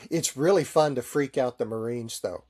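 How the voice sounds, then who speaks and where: A man's voice: medium pitch, moderate pace, a little mellow. A middle-aged man who is a Navy chaplain, answering interview questions with easy, good-humored stories.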